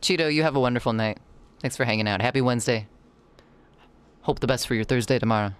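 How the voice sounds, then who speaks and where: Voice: medium pitch, fast talker, smooth. A livestreamer, chatting casually with viewers while drawing. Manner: animated, chatty, reads and answers chat.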